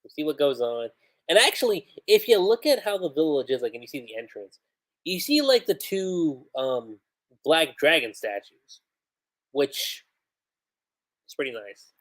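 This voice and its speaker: Man, livestream reviewer, casual chat, lots of fillers, lively pitch. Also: measured pace. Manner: animated, with fillers and chuckles.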